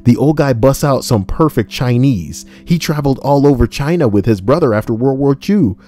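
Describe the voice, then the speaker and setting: A reddit story reader and streamer with a mid-range, dark-toned voice reads internet posts aloud live at a moderate, animated pace, with light guitar music underneath. He jokes about them, swears plenty, adds asides, and breaks into laughter and mock voices.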